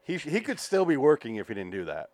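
A man co-hosting a podcast in casual chat, relaxed, reading out film credits as he talks. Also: mid-range voice, quick pace, a crowd in the background. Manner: laid-back, reads off film credits.

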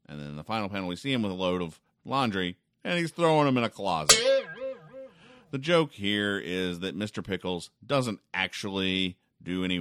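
A man hosting a podcast where he reads comic strips aloud and comments on them, with deadpan, wry asides and frequent ums. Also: deep voice, no echo, studio quality. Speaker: podcast host.

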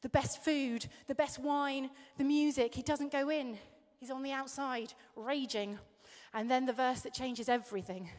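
High-voiced woman preaching in an echoey hall. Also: fairly even intonation, normal speed, hardly any pauses. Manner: warm storytelling, laughing at herself. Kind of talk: sermon.

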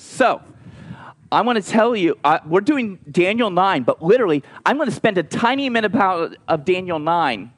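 A man preaching a conversational sermon, telling stories with lively asides and frequent restarts. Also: high-pitched, normal speed. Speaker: pastor.

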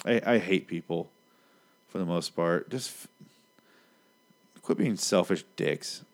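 A man's voice: low voice, takes it slowly. Heated, profane man in his thirties. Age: 30s. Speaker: comedian and podcast host. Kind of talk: solo podcast rant.

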